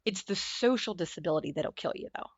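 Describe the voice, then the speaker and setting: A woman guest in a conversational interview who tells stories in an animated way and acts out the voices she quotes. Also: lowish voice, fast talker, slightly rough, no echo. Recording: dull lo-fi sound, dry.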